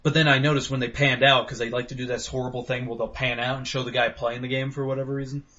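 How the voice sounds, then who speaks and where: Animated swearing podcast host, man. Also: mid-range voice, fast talker. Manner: animated, swearing, acts out his own reactions in quoted voices. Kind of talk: casual chat. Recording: slightly dull lo-fi sound.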